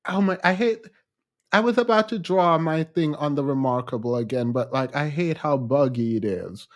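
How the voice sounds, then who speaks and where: A woman's voice: low-pitched, animated. A woman from Jamaica with a Jamaican accent, hosting a reaction commentary and pointedly picking apart a played clip. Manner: blunt and pointed, quick to laugh. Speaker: commentary host.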